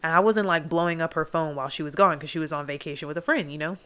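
A woman's voice: low-pitched, rapid-fire, a bit bright, smooth. A young adult woman hosting a solo podcast, talking candidly and at length, with many "like"s and asides to "you guys.". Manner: rambling, heartfelt, heavy use of "like" and "you guys". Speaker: podcast host.

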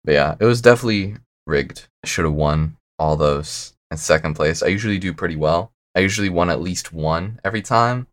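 A man's voice: deep voice, fairly quick, hardly any pauses, no room sound, studio quality. A young man chatting casually as a podcast guest, laid-back and a bit mumbly, laughing often. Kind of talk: casual chat.

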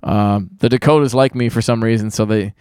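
A man's voice: on the low side, steady tone, fairly quick, darkish tone, clean tone, no echo, clean studio sound. An American man in his thirties hosting a podcast over a video call, chatty and rambling with easy laughs. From United States. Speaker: podcast host. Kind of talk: casual chat.

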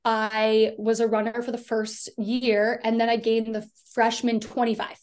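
A woman's voice: a little high, flat delivery, unhurried, darkish tone. A woman from the US East Coast, a podcast guest, telling her personal story in a chatty, rambling way full of fillers. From Delaware, US East Coast.

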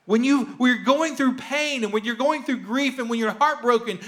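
A male pastor preaching a sermon with earnest emphasis, repeating key phrases and sinking to a soft hush on tender lines. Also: extremely high pitch, moderate pace. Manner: jokes lightly with the congregation.

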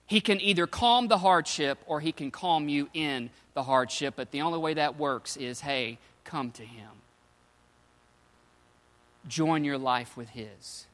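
A man preaching with a high, bright, forceful voice, telling the story in loose everyday slang. His words ring out with a long reverb, as in a large hall. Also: a little slow. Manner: casual storytelling, slangy paraphrase of scripture. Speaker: pastor. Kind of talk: sermon.

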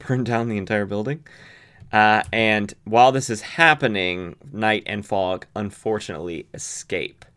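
A man hosting a podcast, recapping a comic book in a relaxed, casual way with frequent fillers and asides. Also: fairly low pitch, clear, resonant tone. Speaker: podcast host.

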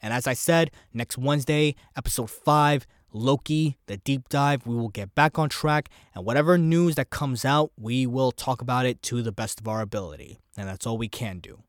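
A man talks through his thoughts on his own podcast, rambling and animated, circling back and restarting as ideas come. His voice sits at an ordinary middle pitch. The sound is dry and close, with no room around it. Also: moderate pace, few pauses, no room sound. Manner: rambling, animated, thinking aloud. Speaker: podcast host. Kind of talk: casual solo podcast commentary.

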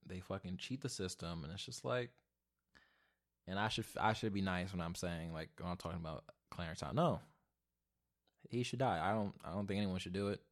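Young man ranting alone on a podcast, lowish voice, lots of like and swearing, mumbly then loud. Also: a little fast. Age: 20s. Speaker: solo podcast host. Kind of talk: casual solo podcast rant. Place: home, alone.

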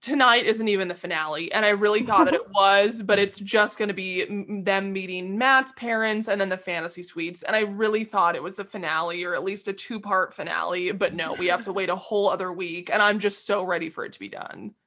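A woman co-hosting a podcast, chatting casually and venting her opinions with animated emphasis. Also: mid-range voice. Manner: animated, opinionated, quick to vent. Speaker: podcast co-host. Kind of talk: casual chat.

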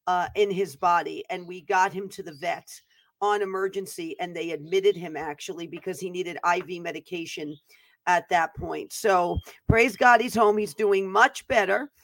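A woman's voice: medium pitch, dry recording. A woman hosting a faith teaching show, praying earnestly and then chatting loosely with fillers. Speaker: host of a prophetic teaching show. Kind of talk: prayer and casual update before teaching.

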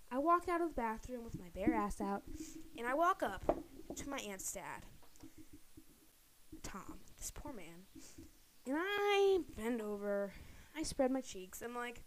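A young woman co-hosting a podcast, telling childhood stories in casual chat with giggly, animated delivery. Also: fairly high pitch, measured pace, pauses often, background noise. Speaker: podcast co-host.

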